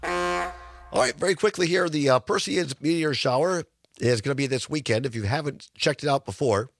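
Male talk radio host, under the weather, hoarse and chatty, dry close mic. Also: a little high, moderate pace, dry recording, soft background music. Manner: chatty, with many fillers and restarts. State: hoarse from illness.

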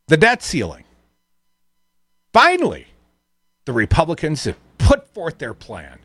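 A man's voice: mid-range voice, breathy edge, dry recording. Sardonic male talk radio host. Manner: sardonic, reads news aloud with asides. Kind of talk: political talk radio commentary. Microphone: studio microphone.

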